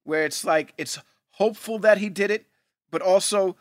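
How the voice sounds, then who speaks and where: A man's voice: sits high, normal speed, no room sound, studio quality. A man co-hosting a podcast in laid-back casual chat, slangy and saying "man" often. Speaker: podcast co-host.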